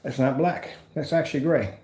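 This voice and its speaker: A man's voice: medium pitch, fairly even intonation, normal speed, heavy background noise. Emphatic man in an echoey room. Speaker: small business owner. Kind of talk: casual vlog demonstration.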